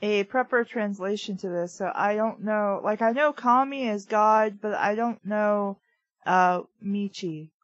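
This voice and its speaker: A woman's voice: medium pitch, a little slow, no echo. A woman commenting wryly on a fanfiction reading, picking apart its wording and logic. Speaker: fanfiction reader. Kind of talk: comedic read-along commentary. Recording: dull lo-fi dry recording.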